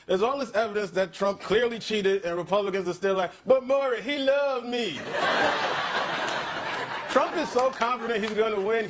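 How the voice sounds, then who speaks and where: High voiced guy at a joke news desk, wry self-deprecating bits, noisy recording. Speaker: comedy news co-anchor. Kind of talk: satirical news desk jokes. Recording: loud background noise.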